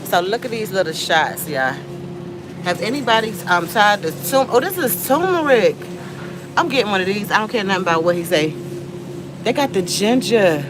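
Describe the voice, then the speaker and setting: A chatty woman with a Southern US accent, talking straight to her livestream viewers on a handheld phone as she shops. Clear store noise and ambience sit under her voice. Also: medium pitch, lively intonation, moderate pace. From Southern United States. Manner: chatty, talks straight to viewers with sudden exclamations. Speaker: livestream host. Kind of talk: casual livestream chat. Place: grocery store.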